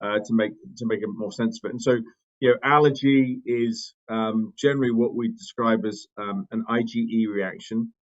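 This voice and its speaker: A man's voice: lowish voice, fairly even intonation, normal speed, lo-fi sound. A British man being interviewed about his company, talking in a thoughtful way with frequent fillers and restarts. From United Kingdom. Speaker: company co-founder, guest. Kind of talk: conversational interview.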